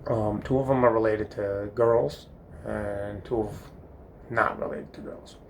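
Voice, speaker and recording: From a bathroom, an older man delivers a rambling storytelling monologue about his school days, packed with fillers and chuckles at himself. His creaky voice is fairly low, steady, and measured, with a little hiss or hum in the background.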